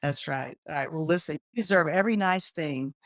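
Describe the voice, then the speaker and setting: A woman's voice: deep voice, fairly quick, dry recording, clean studio sound. A woman hosting an interview podcast, upbeat and effusive as she introduces and chats with her guest. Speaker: podcast host and coach. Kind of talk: casual interview chat.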